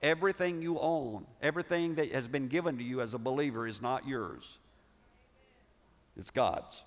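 A male pastor preaching a sermon, animated and full of rhetorical questions, often restarting his words. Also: mid-range voice, moderate pace. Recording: reverberant hall.

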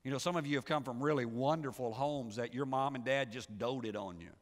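A pastor delivering a conversational sermon, with frequent restarts and rhetorical questions to the congregation. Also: male voice, mid-range voice, brisk, in a large hall.

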